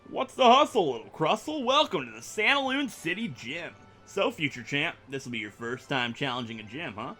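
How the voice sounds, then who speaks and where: A man putting on a pumped-up video game gym guide who talks high, loud and bouncy, his pitch leaping all over. He keeps pushing for agreement in a bright, pushy, sharp-edged tone. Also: sing-song, moderate pace, hardly any pauses, soft background music. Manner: pushy, keeps asking "right?". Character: overeager hyped-up male gym guide.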